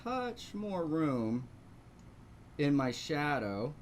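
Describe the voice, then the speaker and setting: With a little hiss or hum in the audio, a man teaches painting in a live online lesson. His voice is a little high and very animated, and he speaks very slowly. He explains each step as he goes and asks rhetorical questions.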